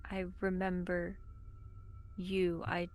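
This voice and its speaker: Give me a player acting a quiet, uneasy revived girl with a gravelly, flat voice. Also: medium pitch, slow pace. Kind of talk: tabletop role-play.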